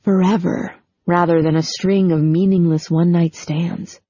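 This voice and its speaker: A woman narrating a novel in a measured storytelling manner. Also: fairly low pitch, flat delivery, dark tone, slightly rough, no echo. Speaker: audiobook narrator. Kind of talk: scripted narration. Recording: dull lo-fi sound.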